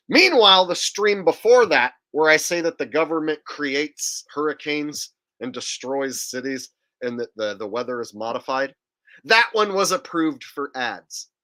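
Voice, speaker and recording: A man's voice: mid-range voice, bright, forceful tone. A man hosting a live stream, talking in an incredulous, profane, digressive way. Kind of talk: casual live-stream commentary.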